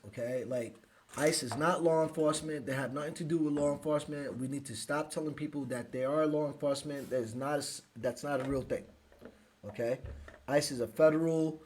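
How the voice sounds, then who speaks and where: A man's voice: on the high side, darkish tone. Us guy hosting a live podcast, choked up, sighing, keeps restarting. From United States. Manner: emotional, halting, frequent restarts and sighs. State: emotional, close to tears. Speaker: podcast host.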